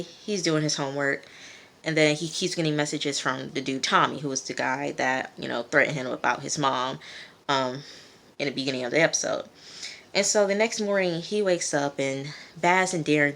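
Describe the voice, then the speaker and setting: A woman's voice: sits low, moderate pace, gravelly, a bit bright. A woman casually recapping a TV episode, chatty and rambling, with lots of asides. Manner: rambling, chatty, full of asides and "you know". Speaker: TV reviewer.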